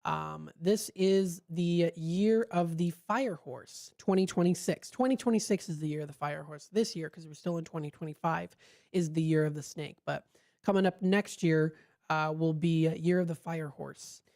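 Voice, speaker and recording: Woman radio host, mellow warm tone, lowish voice, casual article read-through with stumbles, studio mic. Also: normal speed, vocal fry. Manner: relaxed, stumbling reading with fillers and restarts. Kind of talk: casual radio talk, reading an article aloud. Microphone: studio microphone.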